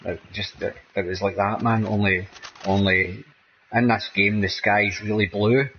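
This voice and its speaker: Fairly low and steady, this Scottish man's voice moves at a measured pace through dull audio with slight background noise. He rambles in casual chat while playing a game on stream, adding "mate" or "man" to almost every line.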